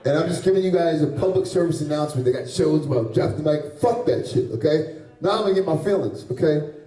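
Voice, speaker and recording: A man's voice: a little high, fast talker, dark tone. A man doing a loose, crude stand-up set, laughing at his own jokes and sweating on a handheld stage mic. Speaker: stand-up comedian. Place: small bar or club with a live audience. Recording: echoey room from far off.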